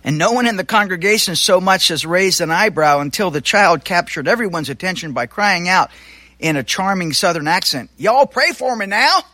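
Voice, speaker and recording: Pastor guy preaching, bright ringing voice, kinda high, chatty, fixes his own slips. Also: fairly quick. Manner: conversational preaching with asides and self-corrections. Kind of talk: sermon.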